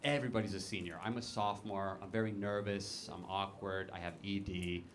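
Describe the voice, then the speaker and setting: A young man doing a stand-up comedy set, telling stories deadpan with sudden high-pitched quoted panic. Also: a little fast, slight background noise. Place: comedy club stage with laughing audience.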